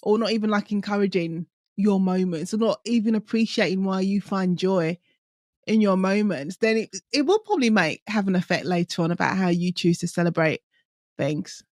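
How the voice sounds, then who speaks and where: A woman's voice: mid-range voice, moderate pace, a little mellow, no echo, studio quality. A woman hosting a podcast interview, reacting and laughing along with her guest. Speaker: podcast host. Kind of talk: interview chat.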